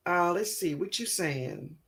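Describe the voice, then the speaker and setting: A woman's voice: on the low side, expressive, creaky, fairly bright tone, breathy edge. A middle-aged woman hosting a gardening live stream, chatting casually with viewers and affectionately calling them baby. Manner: affectionate, calls viewers baby, unhurried drawl.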